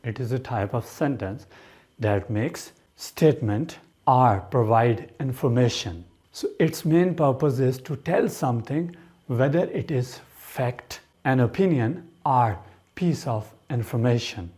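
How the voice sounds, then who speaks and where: Mellow-voiced man teaching grammar. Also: medium pitch, unhurried. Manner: repetitive drilling, asks and answers own questions. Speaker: English teacher. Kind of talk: grammar lesson.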